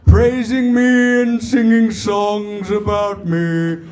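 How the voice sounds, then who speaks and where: A comedian voicing a solemn, pompous traditional male God who speaks slowly. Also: level tone, darkish tone, faint music behind. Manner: slow, booming, pompous. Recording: live club with crowd laughter.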